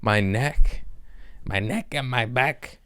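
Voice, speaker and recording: A young man hosting a podcast, hoarse from screaming and sore, telling comedic stories in a casual chat. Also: mid-range voice, slow pace, sharp tone, dry recording, studio quality. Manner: laughing through pain, sore and winded. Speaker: podcast host.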